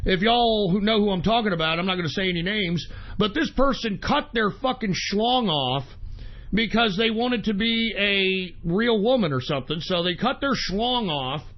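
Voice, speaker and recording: A man's voice: high-pitched, lively intonation, moderate pace, muffled recording. A man hosting a talk radio show, delivering an angry, profane political rant.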